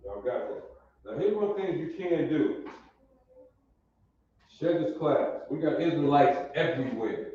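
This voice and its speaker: A man's voice: fairly high pitch, expressive, a little slow, long pauses, dark tone, a little hiss or hum. A man teaching a language class, repeating words and drilling pronunciation insistently. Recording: echoey, dull lo-fi room.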